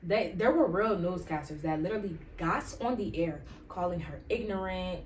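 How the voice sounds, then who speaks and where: A woman with a lowish, slightly mellow voice talks at a normal speed while hosting a podcast solo. Her casual commentary rambles, packed with "like" and "um." The recording is echoey and distant from the mic, with a faint hiss or hum.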